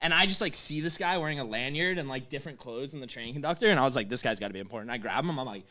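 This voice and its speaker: A man in his twenties telling a story in casual chat, animated, swearing and laughing as he goes. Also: mid-range voice, rapid-fire. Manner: animated, swears often, laughs mid-sentence.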